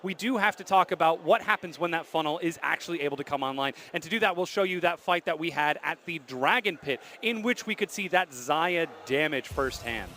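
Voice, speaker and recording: A man leading an esports analyst desk with a lively manner. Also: fairly high pitch, brisk, hardly any pauses. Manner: lively, leads the breakdown.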